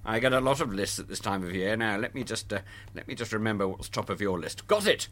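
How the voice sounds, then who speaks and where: A man's voice: lowish voice, expressive, fast, fairly bright tone. A middle-aged man explains how to play Father Christmas in a playful, theatrical way. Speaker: Santa trainer. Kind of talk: explanatory interview talk.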